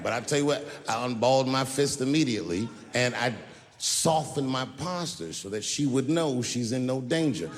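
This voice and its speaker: A man doing stand-up comedy, storytelling in a drawl with sudden loud bursts, on a theatre stage with a handheld mic. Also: mid-range voice, very animated, normal speed. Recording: long reverb of a large venue.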